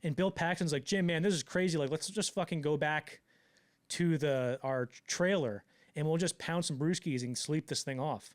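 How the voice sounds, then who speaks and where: A man casually telling a wild story on a podcast, acting out the people in it with loud bursts and lots of fillers. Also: a little high. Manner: animated storyteller, acts out quotes with loud bursts; fast, loose, lots of fillers. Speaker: podcast co-host.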